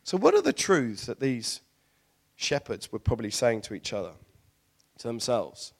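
A man preaching a sermon in church, animated, with laughing asides and repeated words. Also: medium pitch, normal speed, gravelly. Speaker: pastor.

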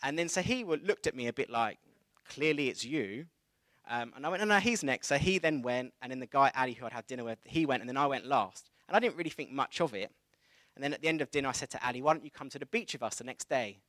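A man in his thirties preaching a sermon, telling a personal story in a conversational, animated way. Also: mid-range voice, fast talker, no room sound. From England.

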